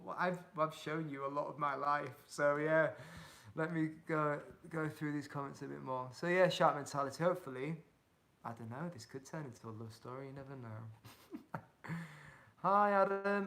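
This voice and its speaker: A man's voice: a little high, vocal fry, a bit bright. A man in his thirties hosting a casual livestream, speaking candidly with rambling restarts while he reads viewer comments aloud. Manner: candid, rambling, laughs easily. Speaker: cycling travel vlogger hosting a livestream.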